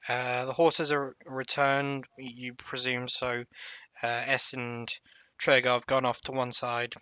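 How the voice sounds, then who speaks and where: Unhurried man narrating as game master. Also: medium pitch, little pitch movement, pushed and bright, clear, resonant tone, no room sound. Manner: unhurried, halting descriptive narration.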